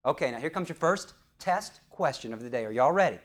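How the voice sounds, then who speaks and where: A middle-aged man from St. Louis, a professional speaker telling a story on stage, animated and playful, quizzing the audience. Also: mid-range voice, fairly quick. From St. Louis, USA. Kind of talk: storytelling keynote speech.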